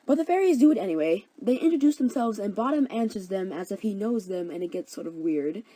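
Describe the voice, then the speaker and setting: A woman's voice: mid-range voice, animated, fairly quick, dark tone, slightly rough, dry recording, rough recording. A young woman narrating a comedic story summary in a chatty, sarcastic, slangy way.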